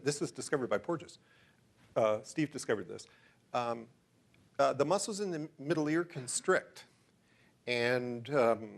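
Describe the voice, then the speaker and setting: A middle-aged man giving an enthusiastic, digressive lecture in a room full of listeners, often stopping to ask them questions. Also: mid-range voice. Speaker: researcher giving a talk. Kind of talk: lecture to a live audience.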